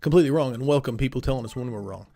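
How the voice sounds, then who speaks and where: A man's voice: mid-range voice, racing, gravelly, warm tone. A man co-hosting a gaming podcast in casual chat, explaining things at length with many fillers and restarts. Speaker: podcast co-host.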